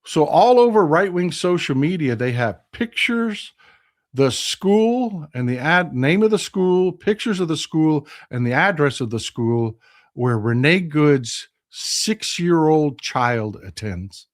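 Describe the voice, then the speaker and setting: A man's voice: fairly high pitch, animated, takes it slowly. Impassioned Texan man hosting a live stream. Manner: impassioned, swings from loud outrage to quiet hushed replies. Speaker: live stream host reading viewer comments. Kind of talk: casual political live stream commentary.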